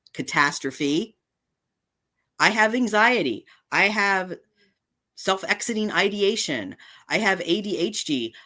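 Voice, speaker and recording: A woman's voice: low-pitched, fairly bright tone. A woman vlogger delivering an angry, confrontational rant straight to camera, indignant and repeating her points. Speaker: cat channel vlogger.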